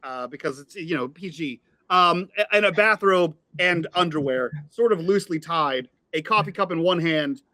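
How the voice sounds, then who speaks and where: Male game master, bright and dry, a bit high, descriptive with filler words. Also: normal speed, few pauses, dry recording. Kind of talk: narrating a tabletop game.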